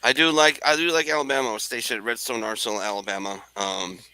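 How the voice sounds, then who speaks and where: A middle-aged man, a podcast host, telling a story in casual chat, animated and jokey, acting out the people in it. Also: medium pitch, quick pace, heavy background noise. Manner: animated, jokey, acts out voices in his stories.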